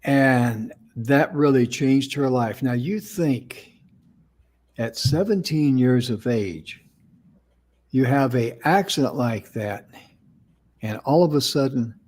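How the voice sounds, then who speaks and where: With an expressive, darkish voice of medium pitch, this man speaks slowly as he co-hosts a talk show. He shares an inspirational story in a folksy, conversational manner, frequently dropping in affirming mm-hmms.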